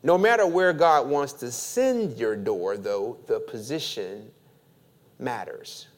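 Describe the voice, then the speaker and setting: A man's voice: mid-range voice, expressive. Man giving a sermon, takes his time, voice swings up and down a lot. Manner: slow, deliberate preaching with call-and-response. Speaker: pastor.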